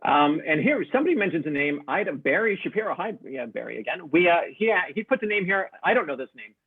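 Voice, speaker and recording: A man moderating a Q&A, reading out audience questions haltingly. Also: a little high, very animated, breathy edge. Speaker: interview moderator. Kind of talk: moderating an online Q&A. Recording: tinny phone-like line.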